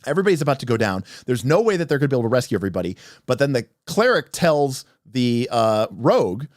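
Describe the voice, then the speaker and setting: A man narrating a tabletop game story on a livestream as game master, animated and rambling with restarts. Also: mid-range voice, fast talker, no echo, studio quality.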